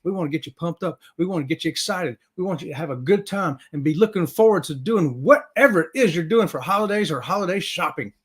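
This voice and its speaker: A man's voice: on the high side, animated, fast, few pauses, fairly bright tone, husky. A man hosting a casual livestream, upbeat and greeting viewers in the chat. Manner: upbeat, hypes up viewers, says y'all. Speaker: livestream host.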